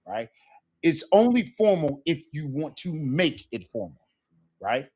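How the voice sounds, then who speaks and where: Lively man teaching a casual language lesson. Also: fairly high pitch, moderate pace. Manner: lively, repeats "right?" often, acts out sample phrases. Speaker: Spanish teacher.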